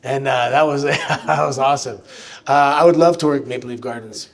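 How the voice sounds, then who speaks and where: A man answering fan questions at a live show, telling animated stories with frequent restarts. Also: mid-range voice, normal speed, gravelly. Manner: animated, chatty storyteller who restarts sentences. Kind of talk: live on-stage storytelling Q&A. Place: live show venue with audience.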